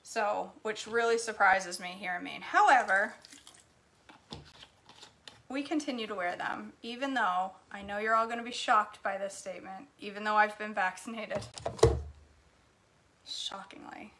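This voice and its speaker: A woman's voice: medium pitch, moderate pace, sharp tone, slight background noise. A middle-aged woman chatting casually in her home kitchen as she cooks, telling stories and laughing often. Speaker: cooking vlogger. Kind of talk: casual chat while cooking, reading comments.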